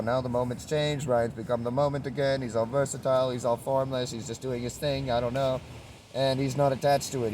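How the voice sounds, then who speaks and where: A man's voice: mid-range voice, a little mellow, slight background noise. A man rambling in a laid-back spiritual monologue while traveling, swearing now and then. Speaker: traveling vlogger. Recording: outdoor street recording from a distance.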